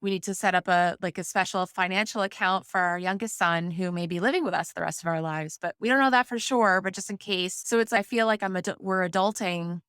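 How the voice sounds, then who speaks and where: A woman's voice: fairly low pitch, brisk, few pauses, a bit bright, smooth, no echo, studio quality. A woman in her forties, a podcast guest, talking candidly about parenting and sobriety, rambling with frequent restarts and fillers. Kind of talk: conversational interview.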